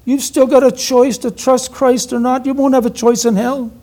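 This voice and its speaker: An eager, insistent new Christian with a thick Cork Irish accent, as a man puts him on. He talks high and hammers his point home with emphasis, in a mellow tone. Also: level tone, normal speed.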